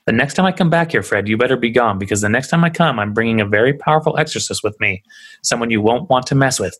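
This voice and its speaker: A man's voice: medium pitch, animated, fast, a bit bright. A man voicing a male paranormal investigator who firmly questions and threatens a demon. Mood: stern. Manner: firm, interrogating, threatening.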